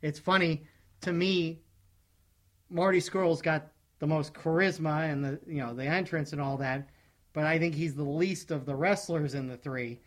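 A man's voice: on the high side, moderate pace. A man co-hosting a podcast, chatting casually and giving firm opinions, often restarting his sentences. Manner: opinionated, relaxed, frequent restarts. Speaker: podcast co-host. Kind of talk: casual wrestling podcast chat.

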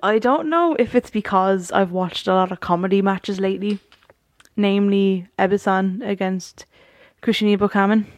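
A woman's voice: medium pitch, normal speed, dry recording. A woman co-hosting a podcast, chatting casually about a wrestling show, laughing often and rambling through restarts. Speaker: podcast co-host.

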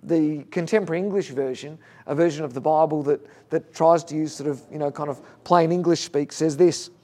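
High-voiced man preaching. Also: brisk. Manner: conversational, animated storytelling with restarts. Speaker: pastor. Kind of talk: sermon.

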